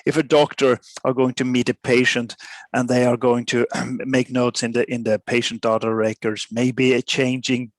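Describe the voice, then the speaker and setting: A man on a webinar panel making a point deliberately, often repeating words. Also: mid-range voice, level tone, no echo.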